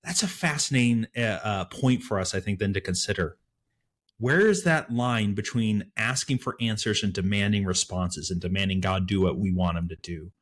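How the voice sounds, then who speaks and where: A man co-hosting a casual Bible study podcast, talking in a thoughtful, animated way with frequent fillers. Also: fairly low pitch, moderate pace. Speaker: podcast co-host.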